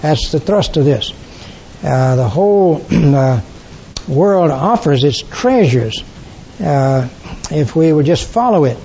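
An older man leads a Bible study class in a somewhat high, mellow voice. He halts often, filling pauses and clearing his throat. The recording is dull and lo-fi, with a faint rumble underneath. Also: lively intonation. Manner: halting, many uh fillers and throat clearing.

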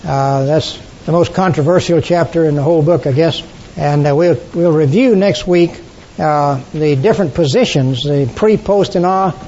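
An older man teaching a Bible study class, halting with frequent fillers and throat clearing. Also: warm tone. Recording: dull lo-fi recording with faint rumble.

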